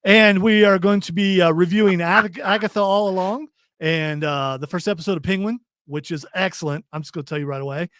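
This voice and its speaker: A man hosting a radio show in a high voice, rambling and restarting his sentences with self-deprecating asides. The sound is dry and close, with no room around it. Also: a little fast, a bit bright, no room sound. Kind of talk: casual radio chat.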